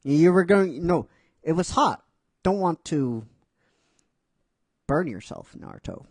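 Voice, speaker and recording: Ino, a man voicing a gentle caring young woman. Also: on the high side, lively intonation, slow, no echo, studio quality.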